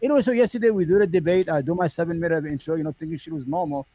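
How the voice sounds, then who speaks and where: A man's voice: on the high side, very fast, dark tone, no room sound. A man hosting a podcast, telling a story in a heated, profane casual rant. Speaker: podcast host. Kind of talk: casual current-events rant.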